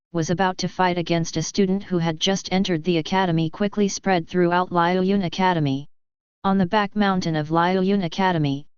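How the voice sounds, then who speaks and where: A woman narrating a fantasy audiobook in an even, unhurried reading voice. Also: fairly low pitch, clean tone, no room sound. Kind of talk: scripted narration. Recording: dry, dull lo-fi audio.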